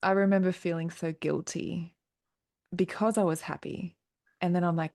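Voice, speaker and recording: A woman's voice: on the low side, steady tone, normal speed, gravelly, darkish tone, no echo, studio quality. A woman podcast host talking in an empathetic, affirming way during a conversation. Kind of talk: supportive conversational chat.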